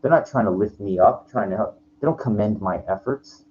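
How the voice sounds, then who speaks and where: A vlogger, a man in his forties, speaks briskly in a lowish voice while ranting with profanity at the camera. The talk is rambling, full of restarts and exasperated side comments. Faint background noise runs under the lo-fi audio.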